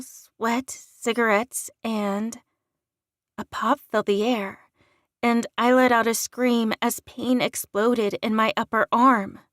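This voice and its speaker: A woman narrates an audiobook at an unhurried pace. Her reading is measured and careful. The sound is close and dry, with no room around it. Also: a little high, a bit bright, dry recording.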